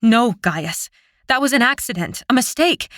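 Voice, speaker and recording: A woman's voice: fairly high pitch, lively intonation, measured pace, a bit bright, dry recording, studio quality. A woman voicing a guilt-ridden young female fairy who pleads urgently in an audiobook. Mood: desperate pleading.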